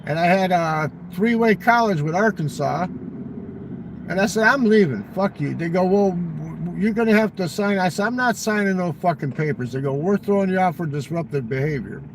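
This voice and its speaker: A man's voice: high voice, moderate pace, background noise. A man telling a long, profane casino story in casual talk, acting out the exchanges he quotes.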